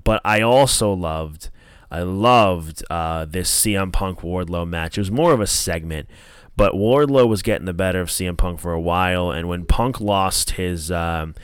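A man's voice: on the low side, clean tone, no echo, clean studio sound. A young man casually reviewing wrestling as a podcast host, rambling with many fillers and acting out quotes.

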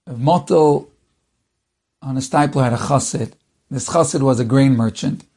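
A man tells a religious tale with dramatic, animated delivery, speeding up and slowing down. His voice sits high for a man and carries a steady gravelly fry. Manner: dramatic, animated, shifting pace. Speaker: storyteller.

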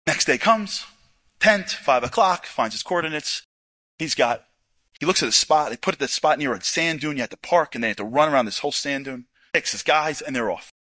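Fast, bright-voiced male storyteller. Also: fairly high pitch, no room sound. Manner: animated, acts out dialogue with casual asides. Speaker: speaker. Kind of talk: storytelling talk.

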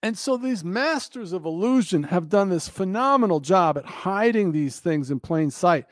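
High-voiced man, impassioned monologue. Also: animated, normal speed, dry recording. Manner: earnest, preacherly, repeats phrases for emphasis.

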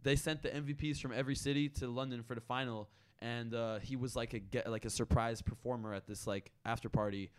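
A man's voice: medium pitch, steady tone, brisk, few pauses, clean tone. A man chatting casually on a podcast, talking loosely with lots of filler words and slang. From Brooklyn. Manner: chatty, says "like" and "bro" a lot.

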